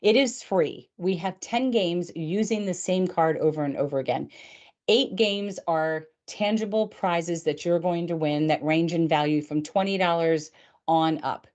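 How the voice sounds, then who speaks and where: Woman in her fifties, talk show host, chatty, lowish voice. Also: measured pace, darkish tone, highs cut off. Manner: chatty and upbeat, with frequent fillers. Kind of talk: casual chat.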